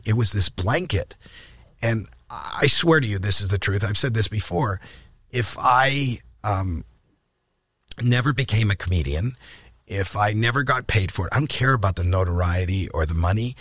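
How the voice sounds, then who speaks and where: A man's voice: normal speed, breathy edge, dry recording, clean studio sound. An older man from Canada, a podcast guest, telling stories in conversation, acting out quoted lines and often repeating and restarting words. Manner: animated, acts out quoted lines with rising pitch. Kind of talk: anecdotal storytelling in conversation.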